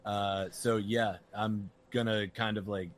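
A man playing a tabletop game, talking in halting bursts with many fillers. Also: on the low side, flat delivery. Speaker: player. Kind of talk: casual tabletop role-play.

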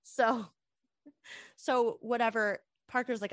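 A woman's voice: a little high, measured pace, no room sound, clean studio sound. A young woman telling a long story in a casual, rambling chat full of "like" fillers. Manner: rambling, animated, many "like" fillers.

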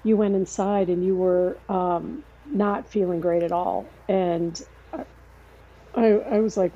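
A woman's voice: mid-range voice, fairly even intonation, moderate pace, mellow. A woman, the host's sister, telling a family story in a rambling, casual way with many fillers and restarts. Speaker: podcast guest, host's sister. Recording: muffled, lo-fi podcast recording.

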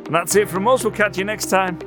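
A man's voice: sits high, quick pace, over music. A man hosting a podcast, chatting casually with teasing, jokey banter. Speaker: podcast host.

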